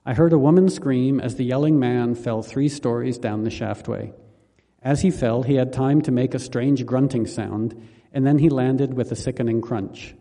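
A man reading his own memoir aloud in a calm, measured, wry manner. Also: mid-range voice, long reverb tail. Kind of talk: memoir audiobook narration.

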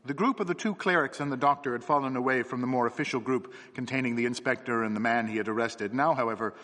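A man narrating a classic story for adults in an expressive, dramatic way, in a reverberant space. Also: medium pitch, quick pace. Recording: long reverb.

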